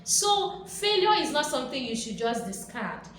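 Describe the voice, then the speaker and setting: Sing-song and high, with a fairly bright tone, this motivational video host keeps a moderate pace. She is emphatic and repetitive, slipping in playful acted-out quotes, in a very reverberant room with slight background noise.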